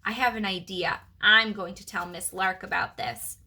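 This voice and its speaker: A woman reading the part of a kind, lively teacher in a children's storybook, encouraging in tone. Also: medium pitch, normal speed.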